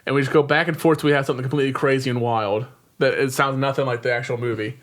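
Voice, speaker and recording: Man, podcast host, casual chat, relaxed delivery. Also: mid-range voice. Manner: laid-back, laughing, sighs.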